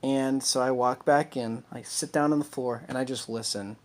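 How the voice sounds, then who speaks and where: A man's voice: mid-range voice, fairly even intonation, normal speed. A man co-hosting a casual podcast, telling a long story with plenty of fillers and restarts. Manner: rambling, filler-heavy storytelling. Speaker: podcast co-host.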